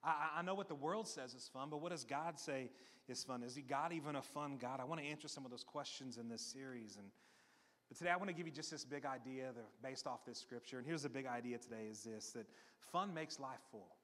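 Energetic joking pastor in echoey hall. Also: male voice, medium pitch. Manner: energetic, joking, repeats key phrases. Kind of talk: sermon. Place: church hall.

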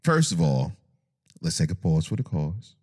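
A man co-hosting a casual late-night podcast, teasing his co-host with deadpan jabs. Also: deep voice, moderate pace, slightly rough.

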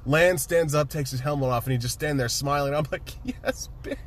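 A man casually retelling a movie with excitement, swearing freely and laughing often. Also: a little high, brisk, slight background noise. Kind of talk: casual chat, movie recap.

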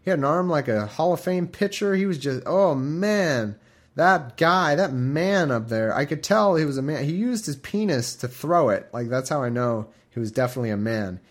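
A man voicing a dying ancient warlord who frantically blames someone else, in an exaggerated high voice. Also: steady tone, fast talker, few pauses, a little mellow, close to an everyday voice. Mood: flustered.

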